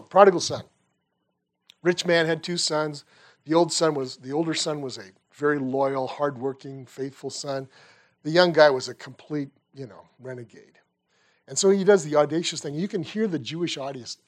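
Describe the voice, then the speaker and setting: A man's voice: on the high side, darkish tone. A man teaching a conversational Bible lesson, telling stories animatedly with rhetorical questions and casual asides.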